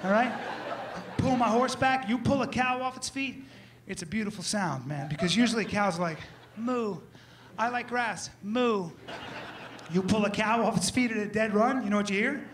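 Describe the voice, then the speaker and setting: A man tells a comic story with a high-pitched voice and big animated swings. He jumps into shouted, higher character voices. A steady noise sits behind him. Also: brisk. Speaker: comedian. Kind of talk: stand-up style comic monologue.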